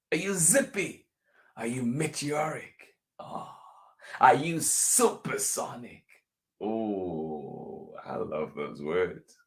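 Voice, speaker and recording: Slow, lively man reading to children. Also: medium pitch. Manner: playful, expressive, drops to whispers. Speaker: children's story time host. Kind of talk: reading a picture book aloud to children.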